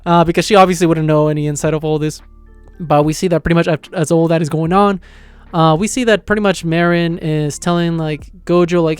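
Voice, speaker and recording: Excitable man recapping with a smooth voice. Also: fairly high pitch, fairly quick, no room sound, faint music behind. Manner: rambling, filler-heavy, excited storytelling. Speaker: manga reviewer. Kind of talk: casual reaction review.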